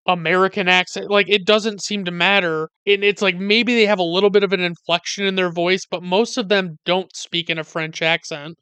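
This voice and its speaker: A man recaps a film in a casual, sarcastic review with a bright, forceful voice. His speech is very crisp and clean, recorded dry and close with no room sound. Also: sits high, dry recording. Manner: chatty, wry and sarcastic, with digressions and many "like" fillers. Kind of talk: casual narrated movie review.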